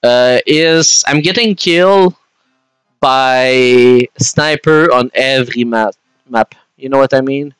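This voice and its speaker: A man with a French Canadian accent chats his way through a gaming session in an unhurried, drawn-out delivery. His voice is smooth and clean, and it sits close and dry against the mic. He rambles to his viewers between moves. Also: mid-range voice, fairly bright tone, dry recording, soft background music. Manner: rambling and chatty, talks to viewers while playing. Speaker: gaming streamer. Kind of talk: casual gameplay commentary.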